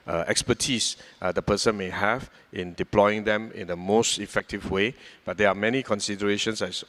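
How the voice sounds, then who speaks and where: An older Singaporean man answering audience questions at a public fireside chat, speaking in a measured way with many hesitations. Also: lowish voice, a bit bright. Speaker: government minister answering questions.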